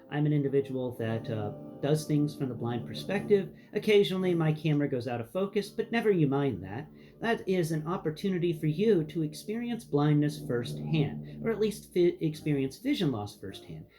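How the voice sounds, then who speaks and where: Chatty, lively man hosting a toy tutorial. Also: a little high. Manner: chatty and jokey, with rambling asides. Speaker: host. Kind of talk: casual spoken toy tutorial.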